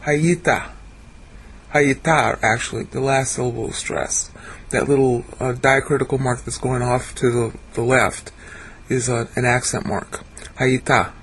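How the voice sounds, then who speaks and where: A man giving a screen-share Bible lesson, sounding out Hebrew and Greek words slowly and correcting himself as he goes. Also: medium pitch, fairly even intonation, slight background noise. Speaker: Bible teacher.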